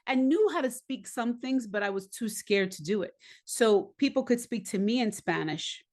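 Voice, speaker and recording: A middle-aged woman who grew up in the United States, telling personal stories in a candid, animated way and acting out the voices of people she quotes. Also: fairly high pitch, moderate pace, few pauses. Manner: animated, acts out voices and laughs often. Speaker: podcast guest, singer.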